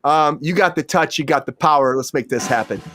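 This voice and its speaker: A man's voice: a little high, a bit bright, dry recording, clean studio sound. A man hosting a comedy entertainment panel show, hyping up his guests in a playful way. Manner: hyped, playful, drawn-out countdowns. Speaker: host.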